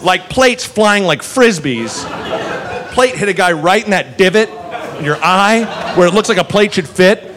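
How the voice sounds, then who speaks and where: A man doing stand-up storytelling, animated and profane, acting out the people in his story. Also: high voice, unhurried. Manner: animated, profane, acts out characters. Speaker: stand-up comedian. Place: comedy club with live audience. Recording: live club recording with crowd noise.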